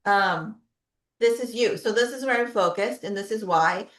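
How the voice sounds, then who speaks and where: Middle-aged woman therapist, talky presenter with a medium-pitched voice, recorded in an echoey room. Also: normal speed, a bit bright. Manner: conversational, frequent tag questions. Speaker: pediatric physical therapist. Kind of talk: webinar presentation.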